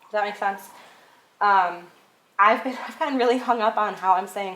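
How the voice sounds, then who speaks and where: A woman's voice: medium pitch, fairly even intonation, brisk. A woman casually coaching church readers, chatty with lots of "um" and "like". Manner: chatty, many "um"s and "like"s, laughs at herself. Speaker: workshop instructor for church readers. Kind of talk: casual teaching talk. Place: church hall. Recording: echoey room with light background noise.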